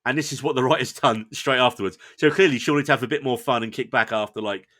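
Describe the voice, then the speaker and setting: An enthusiastic male podcast host with a bright voice, talking through a show he enjoyed in easy, chatty review mode. He is playful and quick to poke fun at himself. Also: medium pitch. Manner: enthusiastic, chatty, self-deprecating. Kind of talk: casual review chat.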